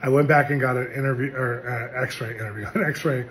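A man's voice: mid-range voice, brisk, a little hiss or hum. Earnest man telling a testimony. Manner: earnest, animated storytelling with acted quotes. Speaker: pastor. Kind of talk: testimony sermon.

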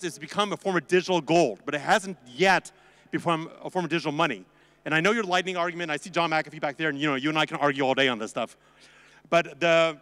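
A man's voice: a little high, a bit bright. A man giving a conference talk in a sarcastic, joking, conversational way, with a long hall reverb on the recording. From United States. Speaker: conference speaker.

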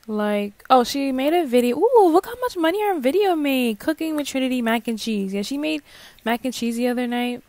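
A woman's voice: on the high side, a little mellow, no echo. A young woman hosting a gaming channel, chatting casually and reacting as she plays a life-sim game, swearing now and then. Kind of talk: casual let's play commentary.

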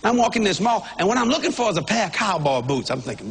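A man preaching a sermon, telling a comic story in a folksy, animated way, often shouting and laughing. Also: sits high, fast, gravelly. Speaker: pastor.

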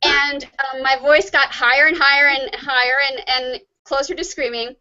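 A woman with a fairly high voice hosting a live online chat show. She talks in a chatty, rushed way, and the recording sounds dull and lo-fi. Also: little pitch movement, sharp tone. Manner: chatty, rushes through announcements. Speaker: host.

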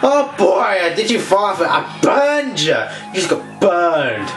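A gloating, theatrical evil spirit locked in a box hurls curses and cackles, as a man puts on the voice. The pitch leaps all over the place. It sounds echoey, with game music underneath. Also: sing-song, takes it slowly, full character voice. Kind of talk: reading game dialogue aloud in a put-on voice.

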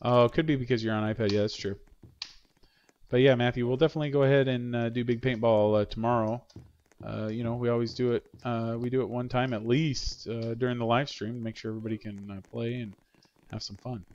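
A man's voice: medium pitch, steady tone, brisk, a little mellow. A middle-aged man hosting a game livestream, chatting upbeat with viewers and cheering on players. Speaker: livestream host. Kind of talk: casual gameplay commentary. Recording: slightly dull lo-fi audio with faint game music.

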